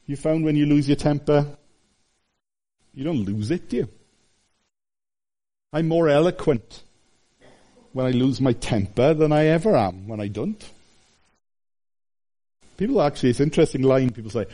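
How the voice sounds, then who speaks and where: A man in his fifties, from Wales, preaching a conversational sermon that swings between high exclamations and hushed asides. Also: animated, normal speed, pauses often. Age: 50s.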